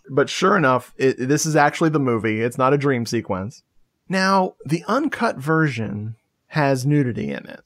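A man's voice: on the high side, animated, moderate pace. A man hosting a casual movie review podcast, telling the plot in a chatty way and laughing often. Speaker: podcast host.

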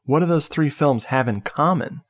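A man's voice: fairly high pitch, normal speed. A man hosting a podcast, chatting casually about movies in a loose, joking way with lots of fillers. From United States. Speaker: podcast host.

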